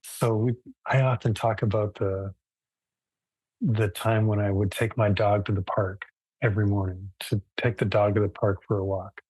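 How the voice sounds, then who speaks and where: A man teaching a relaxed live yoga class online, talking casually and thoughtfully, with frequent restarts. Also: fairly low pitch, normal speed, husky, no room sound, rough recording.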